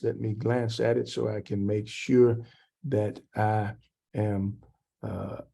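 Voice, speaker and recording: A man's voice: creaky, warm tone. Man preaching a church anger class. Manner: preaching, acts out quoted speakers with rising pitch; answers written questions from the class.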